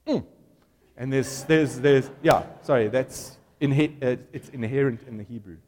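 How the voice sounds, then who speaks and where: A man's voice: medium pitch, a little slow, darkish tone. Man preaching in a reverberant hall. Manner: conversational, storytelling, asks the congregation questions. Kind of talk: sermon.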